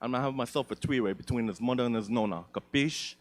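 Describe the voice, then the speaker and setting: A comedian doing a loud, threatening Italian-American tough guy with a put-on accent during a stand-up bit. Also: medium pitch, fast, close to an everyday voice. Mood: menacing swagger.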